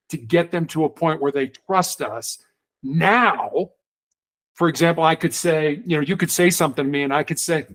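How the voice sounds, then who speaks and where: A middle-aged man, a guest in an interview, telling stories in a lively conversational way and acting out the people he quotes. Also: sits high. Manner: animated, acts out quoted voices. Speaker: guest, former hostage negotiator.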